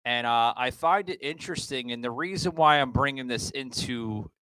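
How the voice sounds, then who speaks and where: A man's voice: medium pitch, moderate pace, bright, forceful tone, clear, resonant tone, no room sound, low-quality recording. A man hosting a political podcast from a hotel room, out of breath and rambling with many fillers and restarts. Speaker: podcast host. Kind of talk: casual political commentary. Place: hotel room with sound panels.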